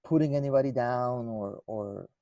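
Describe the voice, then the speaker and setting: A man's voice: medium pitch, normal speed, warm tone, no echo, highs cut off. A man guest in an interview, telling stories in a rambling way with many restarts and acted-out dialogue. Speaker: guest musician. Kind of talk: conversational storytelling.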